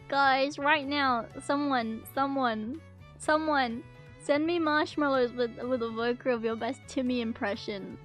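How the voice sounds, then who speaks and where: A woman streamer chatting casually to her viewers, playful and teasing, often giggling. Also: high voice. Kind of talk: casual live-stream chat.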